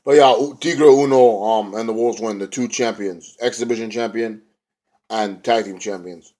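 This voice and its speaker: A man's voice: fairly low pitch, moderate pace, warm tone. A young man casually recapping a wrestling show, rambling in slang and now and then mimicking the wrestlers. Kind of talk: casual recap, retelling a show with quoted voices.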